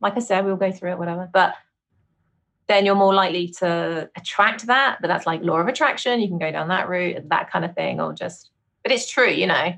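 A woman's voice: fairly quick, creaky. Chatty British woman, laughing often. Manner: chatty, laughs often, breaks into bright high exclamations. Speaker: podcast guest, vocal coach. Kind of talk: casual interview chat.

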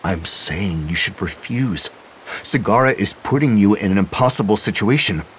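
A man's voice: fairly low pitch, lively intonation, moderate pace, fairly bright tone, a little hiss or hum. A man voicing a protective, controlling man in an audio drama, pleading and scolding. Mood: worried.

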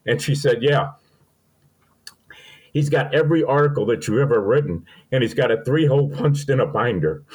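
A man's voice: mid-range voice, lively intonation, normal speed, darkish tone, slightly rough, poor audio. An older man from Missouri, a guest telling folksy, sentimental stories in an interview. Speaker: podcast guest. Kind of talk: storytelling interview.

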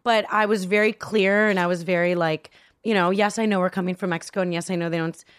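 A woman's voice: on the low side, quick pace, clean tone, no echo, studio quality. A woman guest telling a story in a casual interview, acting out voices and swearing freely. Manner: animated, acts out quoted voices, swears freely.

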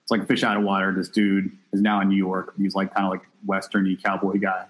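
A man's voice: sits low, completely flat delivery, brisk, poor audio. A man co-hosting a podcast in casual chat, rambling loosely and swearing now and then. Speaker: podcast co-host.

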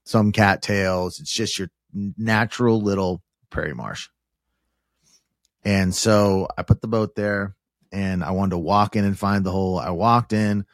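A low-voiced man from Kansas tells a story on his podcast in a loose, chatty way, jumping into quoted back-and-forth and tripping over his words. The sound is close and dry, with no room around it. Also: no echo. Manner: animated retelling with quoted dialogue and restarts. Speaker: podcast host. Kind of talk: casual storytelling.

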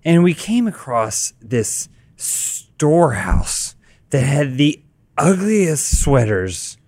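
A man at a tabletop game, rambling through a joking tale and laughing along. His voice sits a little high and sounds dry and close, with no room around it. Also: sing-song, slow, a little mellow, no room sound. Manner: jokey, rambling, laughs often. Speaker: player. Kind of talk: tabletop role-play chat.

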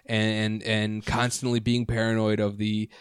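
A man's voice: on the low side, completely flat delivery, normal speed, smooth. A man co-hosting a podcast, rambling through history notes with frequent swearing and fillers into a studio microphone. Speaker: podcast co-host. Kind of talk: casual podcast chat.

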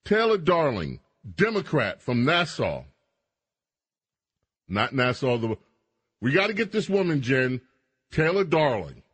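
A man hosting a radio talk show, his slightly husky voice swinging widely in pitch as he drawls through sarcastic commentary full of mocking asides. He takes his time, drawing the words out for effect. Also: sing-song, unhurried, long pauses, fairly bright tone.

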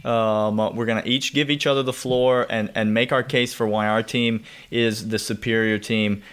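A man's voice: lowish voice, steady tone, moderate pace, fairly bright tone, clear, resonant tone. A man co-hosting a sports podcast in casual chat, ribbing the others with mock outrage and wrapping up segments. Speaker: podcast co-host.

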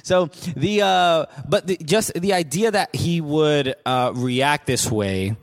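A man's voice: a little high, takes it slowly. Hesitant man co-hosting a soccer chat. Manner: hesitant, many fillers and restarts. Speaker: co-host. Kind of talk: casual live-stream soccer chat.

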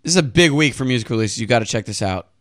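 A man's voice: mid-range voice, lively intonation, rapid-fire, dry recording, clean studio sound. A young man co-hosting a casual podcast, eagerly reading out a list of new music releases. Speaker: podcast co-host.

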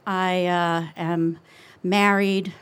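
A middle-aged woman telling a personal story on stage, earnest and confessional, slowing down with reflective pauses. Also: on the low side, flat delivery, clear, resonant tone. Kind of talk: live storytelling.

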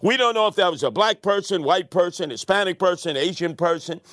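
An older man hosting a sarcastic, theatrical opinion monologue, dropping to mutters and rising to shouts. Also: high-pitched, fairly quick, no room sound, studio quality. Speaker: radio commentary host.

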